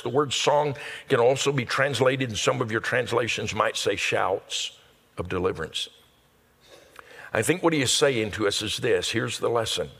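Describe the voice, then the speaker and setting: A male pastor delivering a sermon in an earnest preaching manner that builds to loud, emphatic peaks. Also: medium pitch, normal speed, vocal fry, slightly rough. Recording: long reverb of a large hall.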